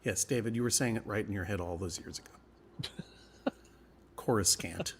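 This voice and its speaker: A man's voice: fairly low pitch, normal speed, a little hiss or hum. A man chatting as a live-stream guest, telling long wry anecdotes with frequent laughter and restarts. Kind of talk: casual live chat.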